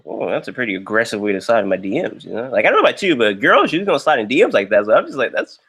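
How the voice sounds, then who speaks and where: Animated young man telling a story. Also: rapid-fire, breathy edge. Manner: animated, jumps into high quoted voices. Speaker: livestream host. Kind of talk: casual storytelling.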